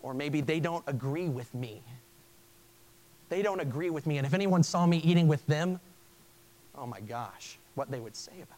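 A man's voice: on the high side, animated, moderate pace, pauses often, a little mellow, low-quality recording. A male pastor preaching a sermon in an earnest way, often stopping and restarting his phrases. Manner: earnest, with frequent stammered restarts.

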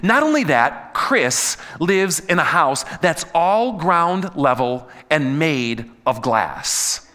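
Lively middle-aged pastor in a reverberant hall. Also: male voice, on the high side, slow, hardly any pauses. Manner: animated, asks the audience questions, stumbles and repeats words. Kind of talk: conversational sermon.

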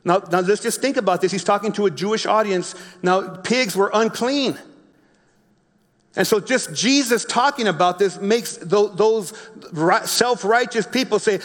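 A man preaching a sermon, reading a Bible story slowly and explaining it in his own words with frequent restarts. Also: high voice, big-room sound. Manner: reads scripture slowly, then explains with repeated restarts. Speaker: pastor.

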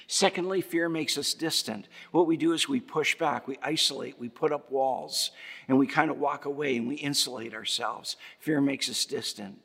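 A man's voice: mid-range voice, creaky, a bit bright, slightly rough. A man preaching a sermon as pastor, building emphasis through repeated phrases and rhetorical questions. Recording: long hall reverb.

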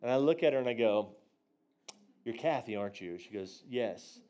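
A man teaching a church group on prophecy, telling a story from the pulpit and acting out his own quotes, dropping quiet for tender moments and jumping loud for punchlines. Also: normal speed, some chatter behind. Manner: animated storyteller, acts out his own quotes with big jumps in pitch and volume. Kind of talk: storytelling sermon.

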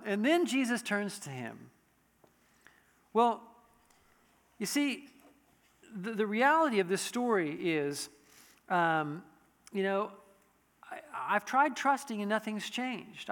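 High bright-voiced preacher in a reverberant hall. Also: male voice. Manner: conversational preaching with frequent restarts and asides. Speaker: pastor. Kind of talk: sermon.

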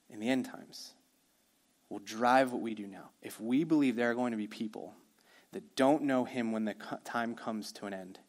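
A man preaching a sermon as pastor, energetic and conversational, with quick asides to the congregation. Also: medium pitch.

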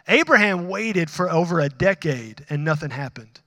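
In a clean studio recording with a big-room sound and no echo, a pastor with a voice on the high side preaches at normal speed. He talks conversationally, poses questions to the congregation, and acts out dialogue with God in animated bursts.

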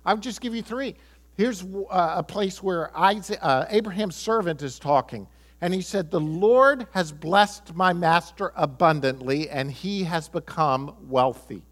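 An American man in middle age preaches with emphasis, driving points home by saying them twice. His voice sits a little high for a man, and he slips in a chuckle and short asides. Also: unhurried, fairly bright tone. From United States. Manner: emphatic, repeats key phrases, chuckles, quotes people in voices. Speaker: pastor. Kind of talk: sermon.

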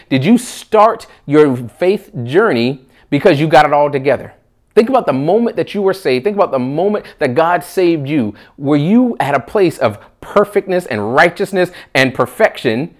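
A male pastor preaching an earnest sermon, reading scripture aloud and getting louder at key questions. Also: on the high side. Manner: earnest, rises in volume when reading scripture.

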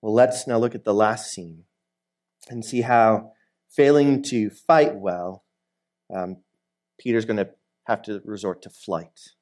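A man's voice: fairly low pitch, takes it slowly, long pauses, darkish tone. A man, a guest preacher, giving a sermon in a conversational way, reading a scripture passage and retelling its scenes as he takes on the voices of the people in them. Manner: conversational, asks the listeners questions.

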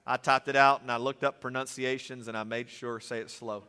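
A male pastor delivers an animated sermon, mixing jokes with earnest points and moving from loud to hushed. His voice is bright and forceful. It rings with the long reverb of a church sanctuary. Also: medium pitch, a little fast, smooth. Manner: animated preaching with humorous asides, swings from loud to soft.

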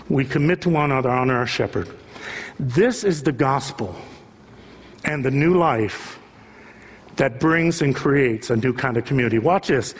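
A man's voice: medium pitch, breathy edge. A male pastor preaching an impassioned sermon, building at times to a raised voice. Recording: long reverb of a large hall.

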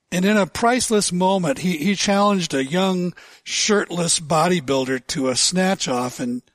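A male pastor preaching a sermon, asking rhetorical questions with deliberate emphasis. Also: a little high, no echo.

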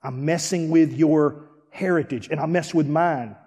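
High-voiced man preaching in a reverberant hall. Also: a little slow. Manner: animated preaching, swinging from hushed to shouting. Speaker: pastor. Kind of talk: sermon. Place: church sanctuary. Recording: long reverb of a large hall.

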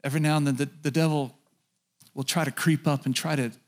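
A middle-aged man delivers a sermon as a pastor. His voice sits a bit high for a man. He preaches in a conversational way and keeps turning to the congregation with direct questions. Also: fairly even intonation, fast talker.

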